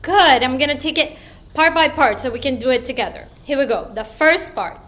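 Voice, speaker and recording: A woman's voice: high-pitched, expressive, brisk, fairly bright tone. A woman from the Dominican Republic teaching children a song online, upbeat and leading call-and-response. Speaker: choir teacher.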